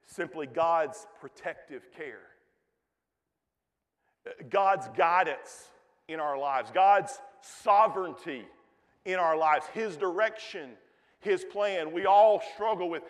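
A man's voice: on the high side, slow pace, big-room sound. A man, a pastor preaching a folksy, emphatic sermon in a church.

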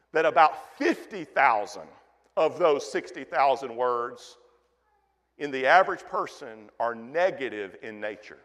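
A pastor delivering a folksy, emphatic sermon, repeating key phrases for weight, recorded in a church sanctuary. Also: male voice, a little high, a bit bright, in a large hall. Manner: folksy, emphatic preaching with repetitions.

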